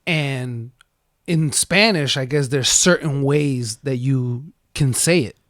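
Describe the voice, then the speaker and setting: A man co-hosting a podcast, telling stories in a relaxed, rambling way with frequent restarts. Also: mid-range voice, takes it slowly, no room sound, studio quality. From United States. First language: English. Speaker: podcast co-host. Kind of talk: casual chat.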